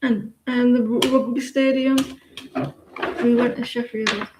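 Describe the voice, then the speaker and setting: This tarot reader, a woman in her forties, speaks at a measured pace with fairly even intonation and a fairly high pitch. The room is echoey, with background noise. Her live-stream reading drifts into casual chat, rambling with plenty of fillers and restarts.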